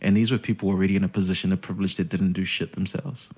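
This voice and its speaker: A man's voice: deep voice, racing, breathy edge. A radio host telling stories in a casual interview, swearing freely and acting out the people he quotes. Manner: animated storyteller, swears freely, acts out quoted voices.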